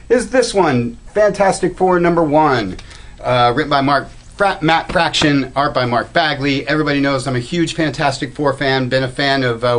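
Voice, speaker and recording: A man's voice: fairly high pitch, a bit bright. A man hosting a weekly new-release rundown for his comic book store, upbeat and enthusiastic, with frequent "uh" fillers. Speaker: comic shop host.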